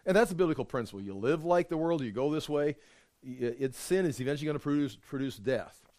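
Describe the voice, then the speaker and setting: A man's voice: fairly high pitch, animated, fast talker, a little mellow, dry recording, studio quality. A man teaching a Bible study in a conversational, emphatic way, often restarting his sentences. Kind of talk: informal Bible study sermon.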